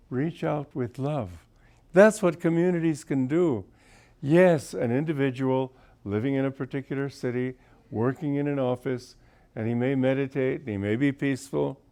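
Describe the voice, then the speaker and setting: A man's voice: mid-range voice, gravelly, mellow. A man in his seventies with a sore throat, giving an informal spiritual talk as a teacher and telling anecdotes as a genial storyteller. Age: 70s. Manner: genial storyteller, often chuckling.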